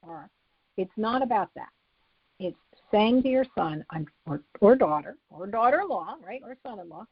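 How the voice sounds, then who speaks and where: A woman's voice: mid-range voice, big pitch swings, moderate pace, breathy edge, dry recording, muffled recording. A woman psychologist explaining a method to parents, laying it out methodically in numbered steps. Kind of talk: instructional talk.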